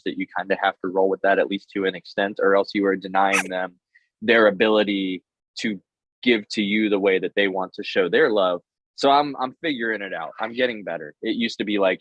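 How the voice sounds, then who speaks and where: Low-voiced man telling a self-deprecating story. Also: no room sound, dull audio. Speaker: tattoo artist guest. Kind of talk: casual chat, storytelling.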